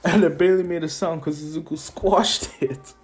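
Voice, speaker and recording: A man's voice: on the high side, steady tone, moderate pace. Rambling young man telling a fan story. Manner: rambling, laid-back, jokey. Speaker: channel host. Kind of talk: casual fan-story narration.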